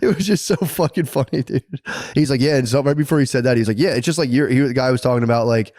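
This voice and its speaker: A man's voice: mid-range voice, fast talker, a little mellow, no room sound, studio quality. A man co-hosting a podcast in casual chat, rambling and profane, laughing often as he talks. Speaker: podcast co-host.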